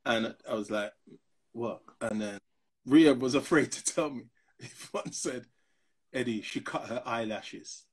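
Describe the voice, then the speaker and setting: A husky man in his fifties speaks in a mid-range voice, a little slowly. He's a pastor in a casual discussion, animatedly telling personal stories and acting out the voices of the other people in them.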